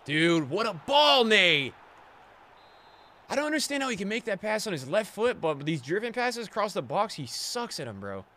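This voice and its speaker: A young man giving live commentary on his own football video game match to his chat, excitable, swearing often and yelling at big plays. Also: high-pitched, moderate pace. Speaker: game streamer.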